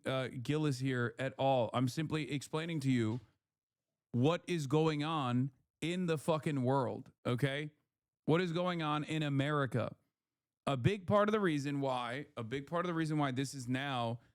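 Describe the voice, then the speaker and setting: A male streamer on a close mic rants about politics in a heated, profane way, his voice sitting a bit high. The sound is dry, with almost no room around it. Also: no echo. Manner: heated, profane, emphatic ranting. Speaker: livestreamer host. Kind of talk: casual political commentary.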